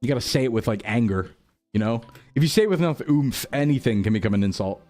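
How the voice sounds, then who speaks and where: A man's voice: mid-range voice, lively intonation, quick pace, a little mellow, faint music behind. A young man rambling through casual gameplay commentary, jokey and self-mocking. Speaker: streamer.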